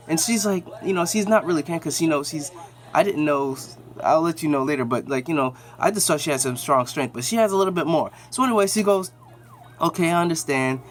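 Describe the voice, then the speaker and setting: A man casually recapping a TV episode, rambling with slang and fillers and acting out characters' lines. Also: a little fast. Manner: loose, rambling retelling with slang and many fillers; acts out characters' lines in raised pitch. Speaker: show recap vlogger.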